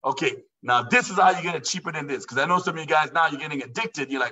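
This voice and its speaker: High bright-voiced man pitching live. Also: fast, few pauses, breathy edge. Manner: playful, joking, quotes imagined listeners. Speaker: host of a live sales presentation. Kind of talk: energetic sales pitch to a live audience. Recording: distant, dull lo-fi sound.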